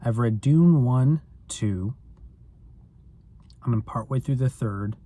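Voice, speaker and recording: A man's voice: mid-range voice, slow, warm tone. A man vlogging in a rambling, self-deprecating casual chat, full of filler words.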